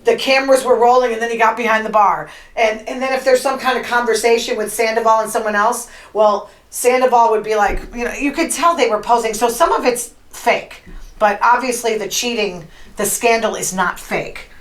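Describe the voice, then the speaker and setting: A woman hosting a podcast, chatting in an opinionated, animated way as she retells gossip and quotes people. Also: on the high side, normal speed, roomy sound, poor audio. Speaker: podcast host. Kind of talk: casual gossip monologue.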